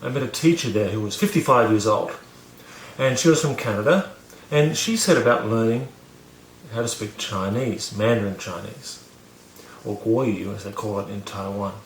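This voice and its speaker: A man's voice: on the low side, normal speed, roomy sound, a little hiss or hum. A man casually telling a story to camera, rambling with many fillers and restarts, poking fun at himself. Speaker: vlogger teaching about learning.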